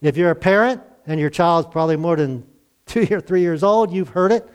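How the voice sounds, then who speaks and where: A man's voice: a little high, animated, fairly quick, smooth. An older man, a pastor, preaching a conversational sermon to a congregation and asking them to respond. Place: church service.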